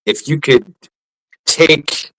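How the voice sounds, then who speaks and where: A man in a casual panel chat, excitable and quick to laugh and heckle. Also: no room sound, rough recording. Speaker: podcast panelist.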